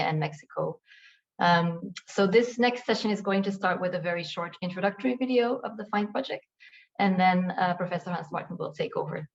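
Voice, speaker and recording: A woman's voice: on the low side, dull audio. A woman moderating a conference session, friendly, introducing the next speakers with some ums.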